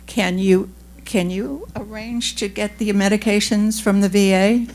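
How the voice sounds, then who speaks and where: A woman's voice: mid-range voice, fairly even intonation, measured pace, a little mellow. A woman resident asks polite, practical questions at a town hall. She speaks in a plain, ordinary voice.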